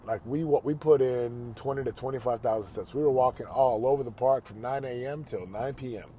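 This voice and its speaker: A man's voice: mid-range voice, fairly quick, mellow, a little hiss or hum. A man hosting a motivational podcast, telling a family story in an earnest, conversational way and turning it into a pep talk. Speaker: podcast host; father.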